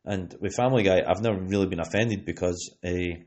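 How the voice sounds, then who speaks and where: A man's voice: deep voice, fairly quick, a little mellow, a little hiss or hum. A young Scottish man hosting a casual podcast, rambling and leaning on fillers as he talks. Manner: rambling, with many "you know what I mean" fillers. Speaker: podcast host. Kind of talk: casual chat. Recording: lo-fi podcast recording.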